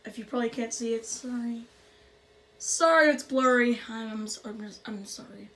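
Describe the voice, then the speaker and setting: A woman's voice: fairly high pitch, moderate pace, a bit bright. A woman hosting a scary-video reaction, jumpy and stammering, with gasping exclamations. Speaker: reaction channel host. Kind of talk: scared reaction commentary.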